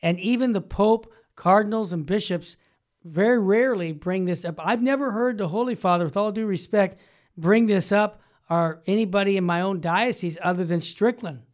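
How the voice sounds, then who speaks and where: Male talk show host, high voice, casual, eager and emphatic. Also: moderate pace.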